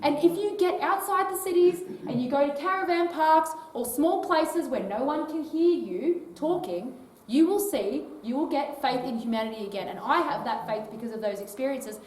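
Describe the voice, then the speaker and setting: A woman's voice: high-pitched, moderate pace, a little mellow. A woman giving a casual talk to a live audience, chatty and often checking in with "right?". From Australia. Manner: chatty, peppers sentences with tag questions like "right?". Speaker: touring public speaker. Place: old library hall, indoors. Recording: echoey hall, voice from far off.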